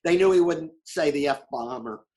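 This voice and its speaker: An older man from Florida, a podcast guest telling animated stories and acting out the people he quotes. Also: a little high, moderate pace. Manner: animated storyteller who acts out quotes. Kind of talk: casual storytelling chat.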